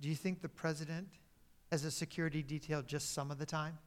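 A male pastor preaching a sermon, who swings between emphatic, louder lines and quiet, dropped phrases, and sometimes corrects himself mid-sentence. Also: on the high side, fairly even intonation, fairly quick.

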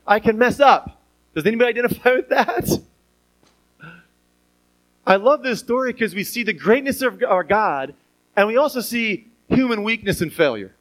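A man preaching a sermon in an animated way, asking the listeners rhetorical questions and chuckling now and then. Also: very high voice, poor audio.

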